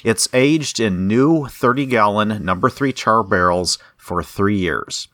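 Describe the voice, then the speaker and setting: A man's voice: fairly low pitch, slow, a bit bright, no echo. A man co-hosting a casual podcast, presenting a whiskey and reading its tasting notes in a dry manner.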